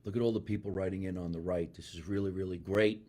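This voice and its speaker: A man's voice: low voice, steady tone, fast, mellow. A man from the Bronx with a New York accent, hosting a casual live comedy show and reading out viewer comments. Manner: loose, laughing banter, reads viewer comments aloud. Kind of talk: casual live-stream chat.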